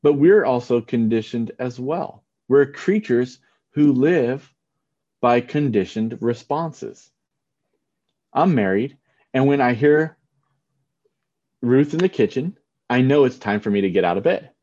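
A middle-aged man preaching a sermon as a pastor, telling stories in a relaxed way with chuckles. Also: mid-range voice, a little slow, long pauses. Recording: dull lo-fi sound.

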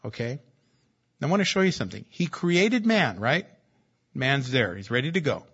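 A man's voice: medium pitch, very animated, moderate pace, a bit bright, breathy edge, dull audio. A man preaching a sermon as pastor, in a conversational, joking style that repeats key phrases.

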